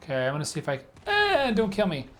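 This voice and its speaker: A man's voice: high voice, huge pitch swings, fast talker, fairly bright tone, a little hiss or hum. A man giving casual, rambling commentary while playing a video game, full of filler words. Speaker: let's play gamer.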